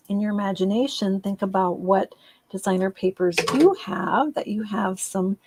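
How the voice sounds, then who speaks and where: A woman's voice: medium pitch, a little mellow, husky. A woman demonstrating card making in a casual live craft session, chatty and rambling, with frequent ums and laughs at her own slips.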